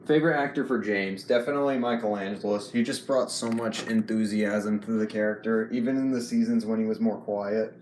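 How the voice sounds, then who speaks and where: A man chatting casually on a live stream. He talks haltingly, with frequent ums and restarts, and answers chat messages as he goes. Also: fairly low pitch, steady tone, a little mellow, roomy sound, a little hiss or hum.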